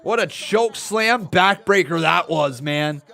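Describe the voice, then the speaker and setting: Excitable man on a live watch-along stream. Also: sits high, takes it slowly, gravelly. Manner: excitable, chatty, breaks into loud chants and playful outrage. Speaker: streamer and wrestling commentator.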